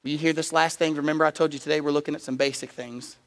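A man's voice: on the high side, steady tone, fast, a bit bright, big-room sound. A man preaching a sermon as a pastor, telling a personal story and building to emphatic appeals. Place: church sanctuary.

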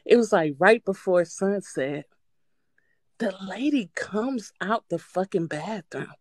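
Female caller, casual, profane, very expressive pitch, dry sound. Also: takes it slowly, no room sound. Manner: animated, swearing, breaks into nervous laughter. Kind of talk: casual storytelling.

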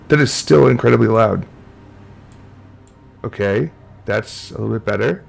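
Gravelly-voiced man streaming a game. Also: lowish voice, normal speed. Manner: swears casually, fiddles with audio settings. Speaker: streamer host. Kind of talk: casual gaming stream chat.

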